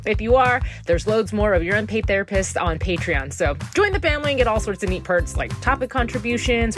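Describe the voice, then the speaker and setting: A woman host reading a cheery promo for the show and speaking directly to the listener. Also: medium pitch. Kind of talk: friendly scripted promo read. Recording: voice over music bed. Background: music.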